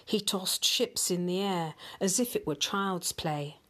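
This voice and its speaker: Brief: older grandma narrator reading a children's fable, unhurried and expressive. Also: female voice, on the low side. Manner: gentle, expressive storytelling. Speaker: grandmother reading storybooks aloud. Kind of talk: storybook read-aloud narration.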